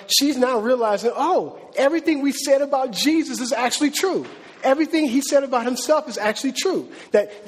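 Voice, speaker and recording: A man preaching a sermon as a pastor, in a conversational, animated style with slangy asides. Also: high-pitched, slightly rough. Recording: reverberant hall.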